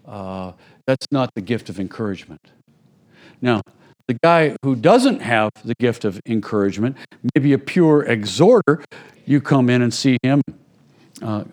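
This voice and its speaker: A man's voice: mid-range voice, lively intonation, unhurried, pauses often, a little mellow. A middle-aged man preaching a sermon to his church in a conversational way, acting out small everyday scenes to make his points. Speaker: pastor.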